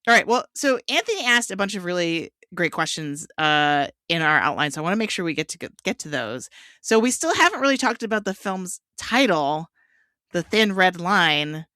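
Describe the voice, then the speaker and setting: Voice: mid-range voice, very animated, a little fast, sharp tone, dry recording, clean studio sound. A podcast host in casual film chat, steering the talk with questions.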